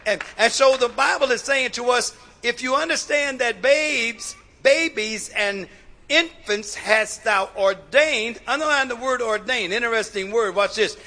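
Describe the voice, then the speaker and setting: A male pastor preaching a sermon, calling out to the congregation, swinging between loud exhortation and hushed talk. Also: extremely high pitch, a little slow. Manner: preaching with call-and-response and repeated "watch this".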